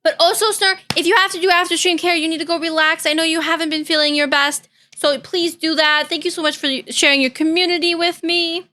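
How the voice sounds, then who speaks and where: A woman's voice: extremely high pitch, fairly even intonation, brisk, bright, forceful tone. A young woman streamer chatting casually and playfully with her viewers, caring and chatty. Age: young adult. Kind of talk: casual reaction-stream chat.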